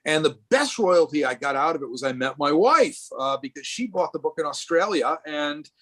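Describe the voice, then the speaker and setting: This guest artist at a live artist event is a middle-aged man from Rhode Island on a video call. His voice is fairly high and fairly bright, with lively intonation and a moderate pace, and his speech rambles with lots of fillers and restarts.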